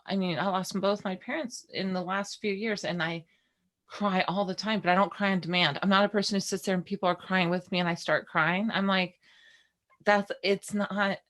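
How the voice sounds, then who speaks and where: Low-voiced woman podcast co-host. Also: a bit bright. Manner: candid, personal storytelling with many restarts. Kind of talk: casual chat.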